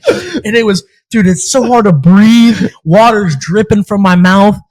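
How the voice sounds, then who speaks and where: Young male host, slightly high voice, lively storyteller, swears casually, laughs a lot. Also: measured pace, rough recording. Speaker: podcast host and amateur fighter. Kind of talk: casual chat.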